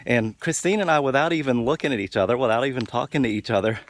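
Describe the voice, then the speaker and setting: A man's voice: medium pitch, quick pace. Chatty man vlogging. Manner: chatty, with many fillers and restarts. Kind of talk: casual storytelling.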